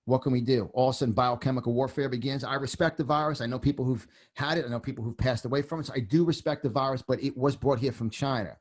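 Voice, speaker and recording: A fifties-aged New Yorker with a New York accent talks fast with few pauses, his medium-pitched voice steady in tone. Appearing as a podcast guest, he argues politics intensely and emphatically, often circling back to the same phrases.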